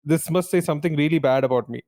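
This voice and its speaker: A man's voice: fairly high pitch, fast talker, dark tone. A man co-hosting a podcast quiz, playfully exasperated in casual banter.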